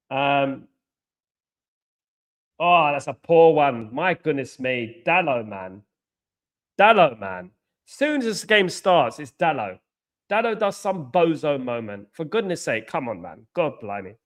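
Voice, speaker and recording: A young man hosting a live fan watchalong, chatting with viewers and reacting loudly to the football match, swinging from groans to shouts. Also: mid-range voice, sing-song, slow, pauses often.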